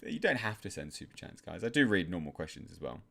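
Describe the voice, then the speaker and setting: Soft-spoken deep-voiced English man. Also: sing-song, vocal fry. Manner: measured, soft-spoken, filler-heavy. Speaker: host reading live chat. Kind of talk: casual live-stream chat.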